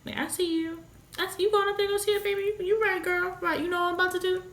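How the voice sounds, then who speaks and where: A sassy, encouraging higher power, voiced by a woman cheers someone on in a high, quick voice. The pitch jumps well above her usual talk. There is an echo from the room. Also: level tone, fairly bright tone.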